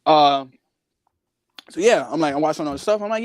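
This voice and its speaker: A man's voice: fairly high pitch, brisk, noisy background. A young man, a wrestler, talking in a casual live podcast interview, boastful and playful. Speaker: guest wrestler.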